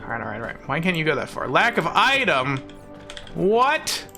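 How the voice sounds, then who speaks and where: A man's voice: fairly high pitch, very animated, normal speed, bright, forceful tone, faint music behind. A man streaming a game live, chatting playfully with mock-boastful bragging and frequent laughter. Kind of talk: casual live-stream commentary while playing.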